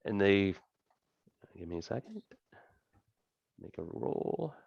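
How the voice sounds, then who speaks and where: Running a tabletop game as game master, a man with a very low voice narrates in a relaxed, rambling way. He speaks slowly and his voice is gravelly. The dry, dull audio resembles a computer mic on an online call.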